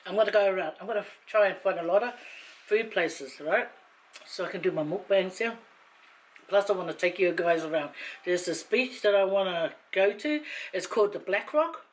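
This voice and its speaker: Chatty woman vlogger. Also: on the low side. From Samoa. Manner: chatty, rambling, self-mocking, emotional. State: teary after crying. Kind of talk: casual chat to camera.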